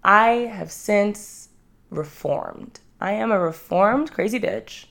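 A woman's voice: takes it slowly, fairly bright tone. A woman in her twenties, hosting a podcast and telling candid, self-mocking stories in casual chat, swearing freely. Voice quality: low voice with vocal fry. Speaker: podcast host. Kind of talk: casual confessional storytelling.

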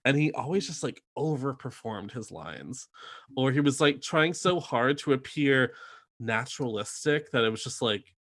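Man, podcast co-host, lively casual recap, mocking asides. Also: mid-range voice, moderate pace. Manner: animated, laughing, mocking impressions.

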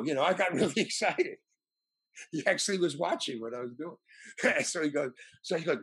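Older actor telling halting stories. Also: male voice, a little high, expressive, a bit bright, breathy edge. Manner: halting, many fillers and restarts. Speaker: actor guest. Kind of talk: anecdotal storytelling.

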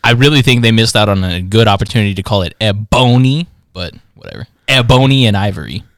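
A young man on a podcast, trading crude jokes and laughing as he goes. His voice is bright and forward, recorded close on a dry mic with no room sound. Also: lowish voice, rapid-fire, dry recording. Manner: joking, laughs often, drawls some words. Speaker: podcast co-host. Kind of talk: crude casual banter.

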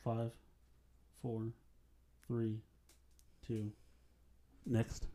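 A man running a casual trivia game for friends on a podcast, laid-back and quick to laugh. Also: mid-range voice, monotone, dark tone. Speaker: quiz host.

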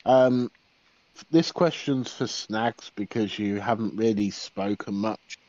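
A lower-voiced man asks his questions politely and with some hesitation. His voice is dry and dull, as if on a cheap mic. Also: takes it slowly, a little mellow, no echo. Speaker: interviewer. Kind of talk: asking questions.

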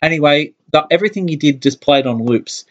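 A man's voice: a little high, expressive, brisk. Aussie guy on a movie podcast, keen storyteller, dull lo-fi sound. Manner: enthusiastic storytelling. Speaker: podcast co-host. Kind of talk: casual chat about movies.

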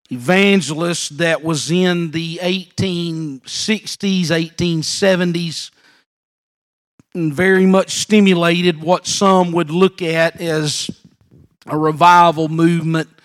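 A man preaching a sermon at a church service, deliberate and measured, often repeating a word as he goes. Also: fairly high pitch, fairly even intonation.

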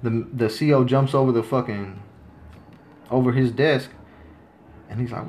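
A man's voice: mid-range voice, fairly even intonation, a little fast, long pauses, a little mellow, slight background noise. A man in his thirties hosting a podcast, telling a story about his time in the service in a blunt, swaggering, heavily profane way. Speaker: podcast host. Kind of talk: casual storytelling monologue.

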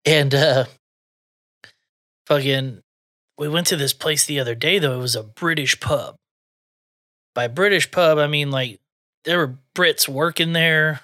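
A podcast co-host with a bright, fairly high voice, talking loosely and peppering his stories with swearing and laughter. The sound is close and dry, with no room around it. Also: measured pace, pauses often, no echo. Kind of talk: casual chat.

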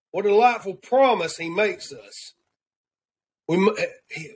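This Southern podcast host has a high, breathy-edged voice, speaking a little slowly with long pauses. His devotional talk-show segment is earnest and rambling, and he repeats words as he hunts for the right ones.

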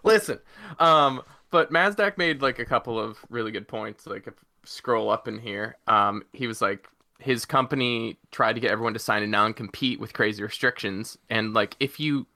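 Bright-voiced joking man from Canada. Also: fairly low pitch, moderate pace. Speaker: co-host. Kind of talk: casual livestream chat.

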